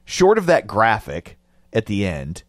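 Wry man with a lively voice. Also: lowish voice, measured pace, dry recording, studio quality. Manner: wry, joking. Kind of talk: casual chat.

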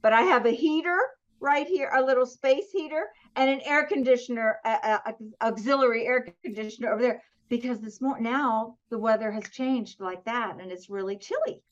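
A woman's voice: fairly high pitch, normal speed, few pauses, muffled recording. A middle-aged woman from Pennsylvania, chatting with humor and frequent laughs as an interview guest over a video call. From southwestern Pennsylvania, US. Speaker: author and guest. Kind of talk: casual interview chat.

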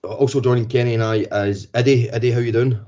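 A man's voice: medium pitch, steady tone, fast, mellow. A man hosting a casual football podcast, chatty, with frequent ums and restarts. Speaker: podcast host. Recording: dull lo-fi podcast audio.

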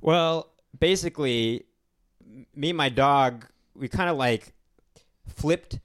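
A man's voice: mid-range voice, slow, a bit bright. A man playing a tabletop game, easygoing and hesitant as he describes his moves. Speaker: player. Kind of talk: casual tabletop banter.

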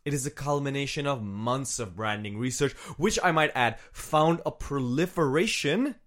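A man's voice: mid-range voice, expressive, moderate pace, fairly bright tone, close to an everyday voice. A man playing a pushy male team executive in a comedy sketch, selling his idea with self-assured, salesy confidence. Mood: pitching.

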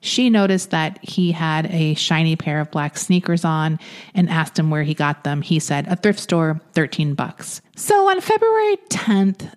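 A woman co-hosting a podcast, casually retelling a true-crime story with frequent laughs and filler words. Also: lowish voice. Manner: chatty, laughs often, uses fillers. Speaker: podcast co-host.

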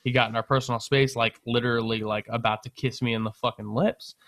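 A young man casually telling a long story on a podcast, animated, swearing and laughing as he goes. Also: medium pitch, fast talker, no room sound. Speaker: podcast co-host.

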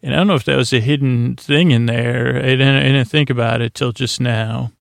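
Man, gravelly, monotone, rambling sleep-podcast recap, halting with lots of fillers, dry close sound. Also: medium pitch, no echo. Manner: meandering, halting, full of "uh" fillers and self-corrections. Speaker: podcast host.

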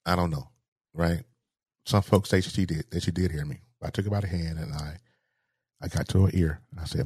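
A man telling a personal story in an interview, halting and repeating words as he speaks with grief. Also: deep voice, a little mellow, husky, dry recording, studio quality. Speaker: guest.

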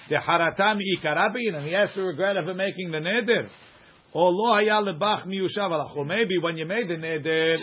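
Man teaching a Talmud class, husky. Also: on the high side, dull audio. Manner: mixes Hebrew-Aramaic readings with quick English explanations. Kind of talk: Talmud class, reading and explaining.

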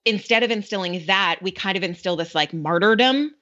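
A woman's voice: mid-range voice, a little fast, pushed and bright. A woman in her thirties, a podcast guest in casual conversation, chatty with many fillers and frequent laughs. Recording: dull lo-fi sound.

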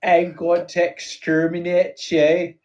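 A man voicing a Dalek with a Northern Irish twang, in a slow, clipped, grating monotone. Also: high voice, pitched above the performer's own voice. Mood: menacing. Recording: dull, distant podcast audio.

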